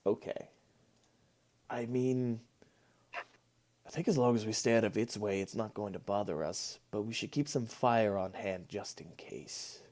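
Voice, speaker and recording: A man's voice: fairly low pitch, a little slow, pauses often, a little mellow, slight background noise. A man playing a tabletop game, speaking in a cautious, matter-of-fact way. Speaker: player. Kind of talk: casual tabletop play.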